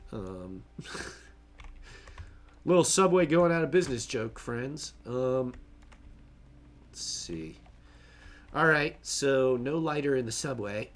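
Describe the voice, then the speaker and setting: A man's voice: fairly high pitch, a bit bright. A man casually narrating his own gameplay on a stream, chatty, joking and laughing to himself as he plays.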